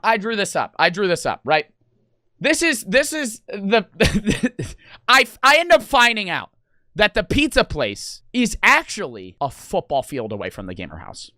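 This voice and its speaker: On stream in a gaming house room, a young man rushes through a story, excitable and animated, swearing a lot and stressing his words hard and rapidly. His voice is bright and forceful, its lively pitch jumping all over. The sound is close and dry, with no room sound.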